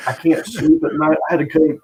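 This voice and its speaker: A man's voice: a little high, fairly even intonation, brisk, noisy background, voice pushed up, lightly acted. Angry Texan roommate ranting and cursing on a voicemail, a man acting it out. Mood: furious. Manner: cursing rant. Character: furious Texan male roommate leaving a voicemail.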